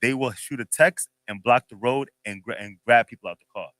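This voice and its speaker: Guy on a podcast telling a wild trip story, bright voice, dry close sound, laughs a lot. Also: medium pitch, fairly quick, no echo. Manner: animated, laughing, slangy storyteller. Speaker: podcast co-host. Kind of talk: casual chat, storytelling.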